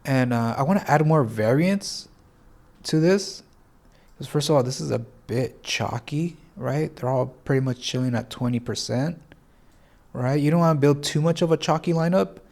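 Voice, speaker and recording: A man walks through a casual tutorial, thinking aloud and often stopping to correct himself. His voice sounds congested, with a gravelly, creaky texture at a middle pitch. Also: moderate pace, darkish tone. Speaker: fantasy sports tutorial host. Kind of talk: casual screen-share tutorial.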